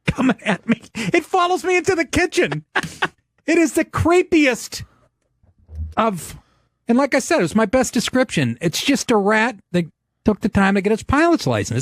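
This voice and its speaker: A man hosting a podcast, telling a comic story in a profane, animated way and laughing as he goes. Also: high-pitched, no room sound, studio quality. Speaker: podcast host.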